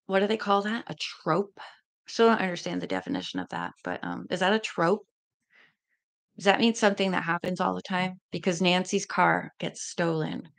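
A woman's voice: on the low side, animated, moderate pace, creaky. A woman reading a mystery novel aloud, with chatty asides between passages. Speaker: reader.

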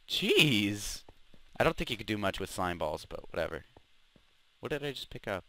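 Swearing young gamer with a lively voice. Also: male voice, lowish voice, normal speed, long pauses. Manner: swears freely, grumbles and trash-talks mobs. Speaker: gaming channel host. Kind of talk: Minecraft let's play commentary.

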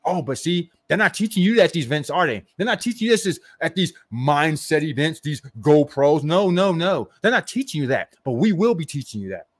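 Man, high voice, marketing coach, animated rant, emphatic, rhetorical questions. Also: brisk, few pauses. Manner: animated and emphatic, mocking hype with put-on voices; repetitive and rhetorical, asks questions of the listener. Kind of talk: motivational rant to camera.

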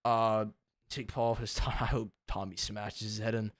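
Recorded at home on a desk mic, the sound is clean and studio-like with no room noise. A tired young man with a fairly low voice chats at a moderate pace in his unedited YouTube vlog, rambling, cussing heavily and poking fun at himself.

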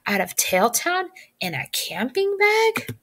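A woman's voice: very high-pitched, wildly swooping pitch, slow pace, fairly bright tone, voice pushed up, full character voice. A woman voicing a patient adult father in a children's storybook, level and reasonable in tone. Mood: incredulous. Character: patient adult male father, calm but stern.

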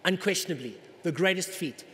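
A middle-aged male pastor preaching a sermon in an animated way, acting out the voices of people in the congregation. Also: sits high, a little fast. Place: large church hall. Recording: long hall reverb.

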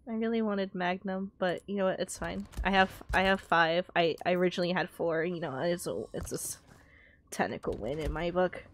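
A woman live-streaming a video game, chatting casually and excitably, swearing and talking to herself. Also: lowish voice, fairly quick.

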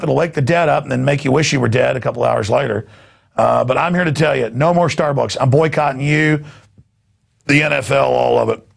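A man's voice: medium pitch, vocal fry, slightly rough. A man hosting a news commentary show, ranting sarcastically in a rambling way with laughing asides. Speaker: host.

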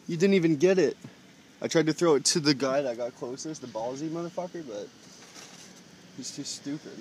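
A man's voice: a little high, a little fast, darkish tone, slight background noise. A man sitting in a parked car outdoors, coaxing birds with sweary, sing-song chatter. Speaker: man feeding ravens from a car.

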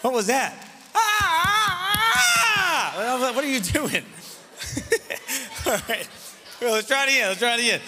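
High, bright-voiced children's preacher in a hall. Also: male voice, big pitch swings, a little slow. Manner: playful, teasing, loud leader of a crowd of kids. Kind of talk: lively children's church service, call and response. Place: large church sanctuary. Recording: reverberant church hall, faint room noise.

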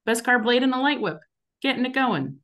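A woman playing in a tabletop game, introducing her character in a relaxed, meandering way. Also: on the high side, fairly quick. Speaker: player.

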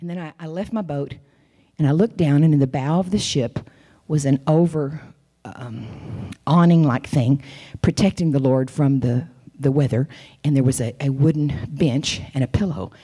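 A woman preaching a sermon in a church. She tells her story dramatically, dropping to whispers and jumping to high cries. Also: normal speed, warm tone, slightly rough. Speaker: guest preacher.

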